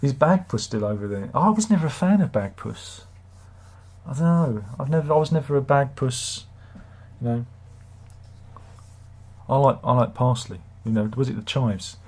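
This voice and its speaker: A man hosts a casual live stream, reading viewers' comments and grumbling about them in a sardonic, rambling way. His voice is husky and sits in a middle pitch. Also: animated, normal speed, pauses often, a little mellow. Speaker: livestream host.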